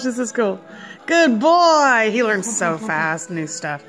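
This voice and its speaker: A young woman at home feeding her son, filmed on a phone, switching between soft murmured questions and high cheerful praise. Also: sing-song, slow, music in the background. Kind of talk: casual home video chat.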